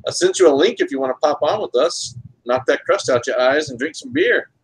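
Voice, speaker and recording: A man's voice: on the high side, big pitch swings, fairly quick, creaky, breathy edge, rough recording. A man co-hosting a casual comics podcast, laid-back and jokey, greeting chat viewers. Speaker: podcast co-host.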